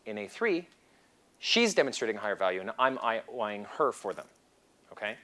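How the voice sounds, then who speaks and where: A man teaching a seminar, lively and animated, acting out bits of dialogue as he explains. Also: lowish voice, a little fast, creaky. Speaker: seminar instructor. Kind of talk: lecture to a class.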